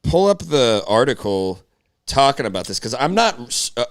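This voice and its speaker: A man's voice: medium pitch, sing-song, normal speed, no echo, clean studio sound. A man hosting a casual talk show, chatting loosely and sometimes reading news aloud in a mock news voice. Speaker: podcast host. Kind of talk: casual chat.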